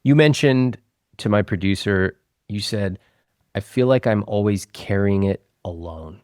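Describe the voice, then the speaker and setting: A man hosting a personal finance interview, asking calm, probing questions of a couple. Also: lowish voice, unhurried, smooth, no echo, studio quality. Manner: calm, probing questions, quotes others' words back. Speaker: host, financial advisor.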